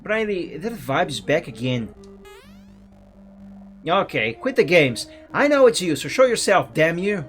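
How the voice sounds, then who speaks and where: A man reading the lines of a young woman witch, slightly raised in pitch. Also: sing-song, measured pace, a bit bright, soft background music. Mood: defiant.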